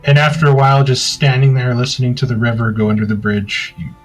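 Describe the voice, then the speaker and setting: A man in mid pitch narrates a tabletop game as game master, describing scenes to the players in the second person. His pace is unhurried and his delivery steady, with faint music underneath. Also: rough recording.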